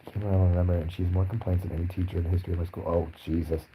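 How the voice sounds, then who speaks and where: A man's voice: low voice, flat delivery, rapid-fire, dark tone, husky, low-quality recording. A young man ranting in a crude, sarcastic, profane way as a podcast host. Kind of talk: crude comedic rant.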